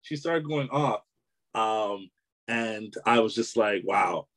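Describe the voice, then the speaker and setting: Easygoing man with a lowish voice. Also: slow, a bit bright, low-quality recording. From Canada. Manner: easygoing, rambling, many "you know" fillers, laughs easily. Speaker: author and entrepreneur, guest. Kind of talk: casual interview talk.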